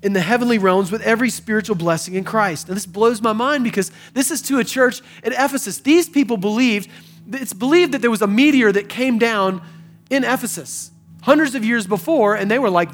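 A man preaching a sermon, swinging between hushed and emphatic delivery. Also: very high voice, brisk. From American South. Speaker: pastor.

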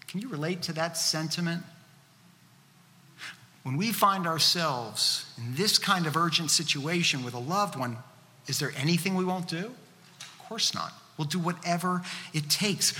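A man's voice: fairly high pitch, bright, forceful tone. A man preaching a sermon as a pastor, earnest and conversational, asking the listeners questions as he goes. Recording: reverberant hall.

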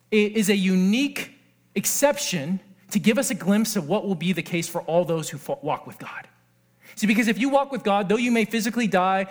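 With a high voice, a man preaches a sermon in his role as pastor. He is earnest, trading hushed, intimate passages for excited exclamations and joking with the congregation.

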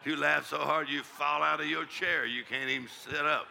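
A man's voice: a little high, steady tone, normal speed, creaky, pushed and bright. Exuberant laughing preacher man. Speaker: pastor. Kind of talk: charismatic sermon. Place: church sanctuary with congregation.

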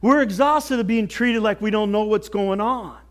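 A male pastor preaching a sermon with earnest exhortation, dropping to near whispers and rising to shouts. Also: high voice, moderate pace. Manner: swings from hushed to shouting.

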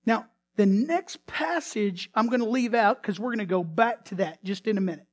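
A man's voice: high-pitched, normal speed. A male pastor preaching a sermon who retells a story dramatically and often restarts or repeats his words. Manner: dramatic storytelling, swinging between loud emphasis and hushed tones.

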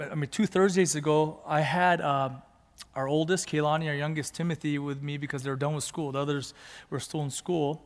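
A male pastor telling a personal story in a sermon, conversational and rising to fervent emphasis, with Japanese phrases mixed in. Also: a little high. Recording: long hall reverb.

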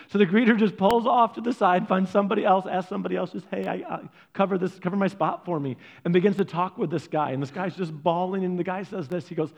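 A man preaching a sermon, telling stories earnestly, swinging from loud stresses to soft, hushed lines. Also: high-pitched, fairly even intonation, fast, gravelly, few pauses. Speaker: pastor.

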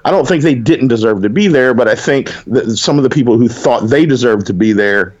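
A man's voice: medium pitch, fairly quick. A man rambling, Southern, lo-fi. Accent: Southern American. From American South. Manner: animated, rambling, frequent restarts. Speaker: writer, podcast co-host. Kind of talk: casual conversation.

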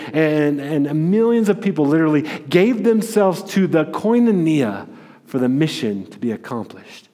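Man, pastor, energetic emphatic sermon delivery, slightly high voice, long echo of a large hall. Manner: energetic, emphatic preaching with frequent restarts.

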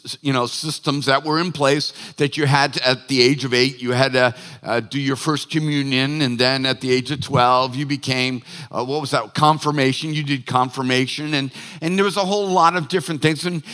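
A man's voice: mid-range voice, pushed and bright. A male pastor preaching a sermon in a chatty, joking way, often breaking off mid-sentence to restart. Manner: chatty, joking, self-interrupting. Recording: long reverb of a church hall.

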